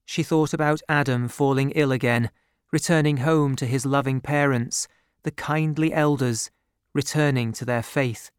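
A man reading a novel aloud as an audiobook narrator, with a measured, even storytelling delivery into a close studio microphone. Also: medium pitch, clear, resonant tone, dry recording.

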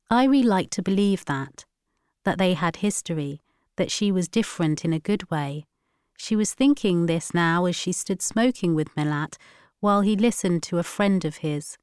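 A woman narrating a story in a steady, measured reading. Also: lowish voice, clean tone, dry recording, studio quality. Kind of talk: scripted narration.

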